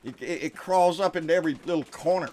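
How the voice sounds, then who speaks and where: A middle-aged man with a Texan accent hosting a live stream political rant, folksy, with quiet asides and loud outbursts. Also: a little high, quick pace, slight background noise.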